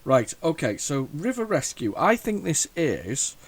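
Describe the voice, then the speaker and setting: Lively-pitched man thinking aloud. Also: measured pace, breathy edge. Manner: rambling, thinks aloud, frequent restarts; wry, self-mocking asides. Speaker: retro computing video host. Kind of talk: casual running commentary.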